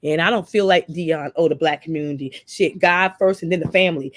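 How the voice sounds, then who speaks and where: A woman's voice: low-pitched, a little fast, no echo. Tearful woman hosting a live stream. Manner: tearful, repeats and stammers. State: emotional, recently crying. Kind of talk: emotional live stream chat.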